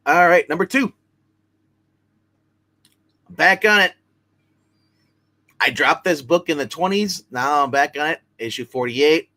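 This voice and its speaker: A man's voice: mid-range voice, bright, forceful tone. A man hosting a live comic book review, recapping plots casually with many fillers and restarts.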